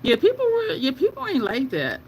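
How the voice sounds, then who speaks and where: Chatty woman doing her makeup and reading comments, gravelly fry in her voice, faint hiss behind. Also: sits high, huge pitch swings, moderate pace, a little mellow, low-quality recording. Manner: chatty, answers viewer comments, laughs often. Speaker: beauty vlogger. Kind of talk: casual chat during a makeup tutorial.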